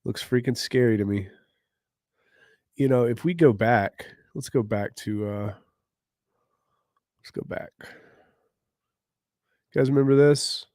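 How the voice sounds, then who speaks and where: A man hosting a casual crypto livestream, greeting viewers by name in loose slang and often clearing his throat. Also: mid-range voice, moderate pace, mellow, no echo, clean studio sound. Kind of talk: casual livestream chat, reading viewer comments.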